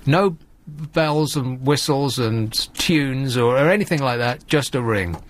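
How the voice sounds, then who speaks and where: A man's voice: mid-range voice, unhurried. A man hosting a late-night radio phone-in, chatting in a wry, rambling way and laughing easily with callers. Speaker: radio host. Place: radio studio.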